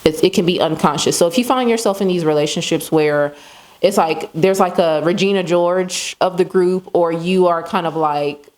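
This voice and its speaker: A woman's voice: lowish voice, normal speed, darkish tone. A woman hosting a casual self-help talk, conversational and loose, with many asides and fillers. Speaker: host.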